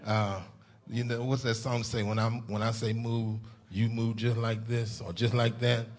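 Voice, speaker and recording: A man preaching a folksy sermon in a church as a guest preacher, starting soft and building to loud exhortation. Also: medium pitch, level tone, unhurried.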